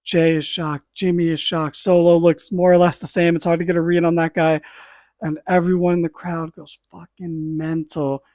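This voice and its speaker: A man's voice: on the high side, moderate pace, no room sound. Man animatedly recapping, dry close sound. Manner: animated play-by-play retelling with asides and swearing. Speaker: podcast host. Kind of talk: casual wrestling recap.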